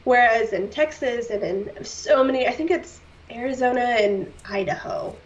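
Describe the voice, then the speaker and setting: A woman's voice: on the high side, moderate pace. Earnest woman telling her story, slightly distant. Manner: heartfelt, earnest, with short laughs and many fillers. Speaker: podcast guest. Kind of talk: candid personal storytelling. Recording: slightly distant, dull-sounding.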